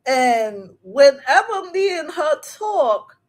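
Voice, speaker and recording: A woman's voice: high voice, big pitch swings, slow. A woman hosting a live show, telling stories in casual chat, laughing often and drawing out her exclamations.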